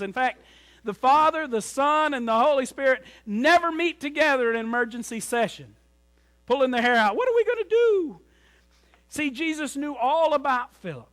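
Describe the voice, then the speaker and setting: A man preaching a sermon in a church, telling stories and moving between strong emphasis and hushed, quiet lines. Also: very high voice. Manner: storytelling preacher, rises loud then drops to near whisper. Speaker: pastor. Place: church sanctuary.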